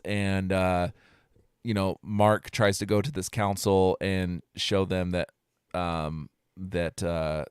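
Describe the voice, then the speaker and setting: A man's voice: deep voice, smooth, no room sound, clean studio sound. A man co-hosting a podcast from home, laid-back and casual, laughing often. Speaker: podcast co-host. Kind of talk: casual chat. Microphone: remote home setup.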